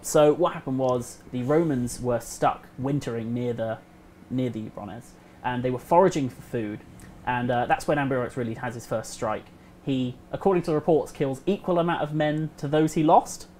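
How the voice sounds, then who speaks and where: A man telling a history story casually on a game developer livestream, animated and acting out the quotes. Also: mid-range voice, moderate pace, slight background noise. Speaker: community host.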